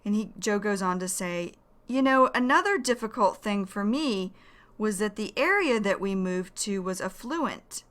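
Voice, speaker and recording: A woman with a Northern US accent talks at an unhurried, careful pace, like a teacher explaining English words one at a time. Her pitch sits in a middle range, and she repeats each key term to let it sink in. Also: animated, fairly bright tone. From United States. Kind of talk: slow explanatory language lesson.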